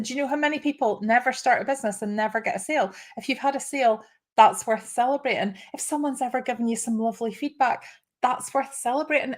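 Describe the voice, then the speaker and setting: A woman in her fifties hosting a live show, chatting casually and getting emotional, with restarts and small laughs. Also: fairly high pitch. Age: 50s. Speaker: host.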